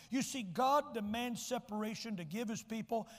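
A man's voice: high voice, brisk, few pauses. A man preaching a sermon as pastor, folksy and emphatic, often repeating words as he restarts. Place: church sanctuary. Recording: church hall reverb.

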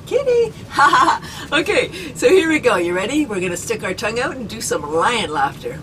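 A bubbly woman from Canada leads a playful laughter exercise, her high voice leaping up and down with giggles and exclamations. She talks at an unhurried pace. She sounds a little far from the mic over a clear hum of background noise. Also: big pitch swings, bright, forceful tone. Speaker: laughter club leader.

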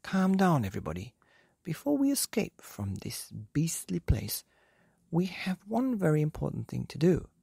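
Picture a bossy, bright-eyed father monkey from a storybook, loud and raised in pitch, issuing eager orders with a gravelly edge, as a man puts him on. His lines swing widely in pitch and carry a husky breath, recorded close and dry. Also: wildly swooping pitch, normal speed, no room sound, full character voice. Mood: urgent. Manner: eager, commanding. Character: clever excited father monkey.

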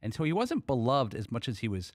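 A sports radio co-host from the Chicago area makes his case in a plain-spoken, opinionated way. His voice sits in a middle pitch. The mic is close and dry. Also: big pitch swings, quick pace, no room sound. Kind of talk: casual sports talk.

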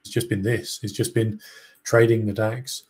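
A man co-hosting a live trading stream, talking casually and explaining his trades with relaxed restarts and fillers. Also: lowish voice, normal speed, husky. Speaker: co-host trader.

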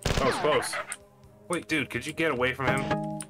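A man gives running commentary while he plays a shooter, his voice sitting at an ordinary middle pitch. He jokes and mutters to himself as the action unfolds. Clear game music plays behind his voice. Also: steady tone, moderate pace. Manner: playful, jokey, talking to himself while playing. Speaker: gaming channel host. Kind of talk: let's play commentary.

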